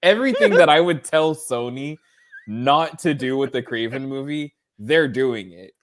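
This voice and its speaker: A male podcast co-host in casual chat, animated and ranting, swearing freely. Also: mid-range voice, moderate pace.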